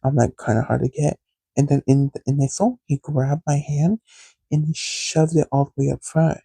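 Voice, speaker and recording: A man's voice: a little high, flat delivery, normal speed, creaky, warm tone, breathy edge, no room sound, rough recording. A man telling a personal story in a frank, rambling way, speaking straight to his listeners as a podcast host. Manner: candid, rambling, addresses listeners directly. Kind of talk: casual storytelling.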